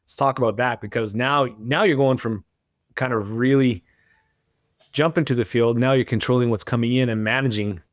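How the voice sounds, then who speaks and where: A man's voice: medium pitch, steady tone, moderate pace, dry recording, clean studio sound. Casual encouraging male podcast host. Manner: casual and encouraging, calls the guest buddy and dude. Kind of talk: conversational interview.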